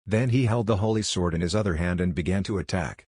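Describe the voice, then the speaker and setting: A man narrating a comic story recap in a steady, even way. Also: deep voice, quick pace, breathy edge, dry recording, clean studio sound.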